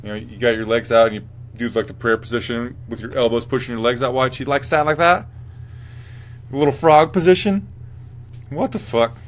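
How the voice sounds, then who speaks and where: A young man with a mid-range voice, talking a little fast, hosts a rambling, profane recap of an MMA fight. He curses freely and keeps responding to viewer chat throughout this casual post-fight commentary.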